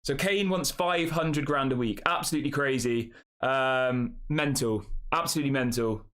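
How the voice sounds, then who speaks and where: A man's voice: mid-range voice, normal speed, fairly bright tone. A young man hosting a casual football live stream, chatting and talking straight to his viewers. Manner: chatty, addresses the chat as guys. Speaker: football channel host.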